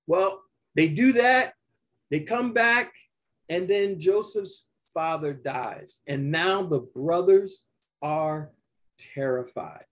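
A middle-aged man preaching a sermon, retelling a scripture story in an earnest, unhurried way with many restarts. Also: a little high, fairly bright tone, rough recording. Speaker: pastor.

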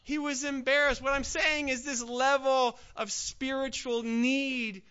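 High, bright-toned male preacher. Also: level tone, unhurried, clean tone, lo-fi sound. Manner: dynamic preaching, swinging from hushed pleas to near-shouts. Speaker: pastor. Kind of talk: sermon.

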